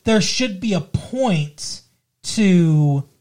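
A man's voice: high voice, lively intonation, extremely slow, darkish tone. A man co-hosting a podcast in casual chat, rambling and teasing, full of trivia. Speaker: podcast co-host.

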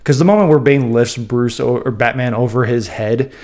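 A man co-hosting a podcast, chatting casually, animated and playful with stammering restarts. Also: mid-range voice, normal speed. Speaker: podcast co-host. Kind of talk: casual chat.

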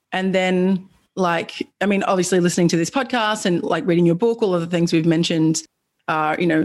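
Thoughtful woman host, low voice. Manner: thoughtful, hesitant, frequent fillers. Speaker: podcast host. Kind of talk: podcast interview.

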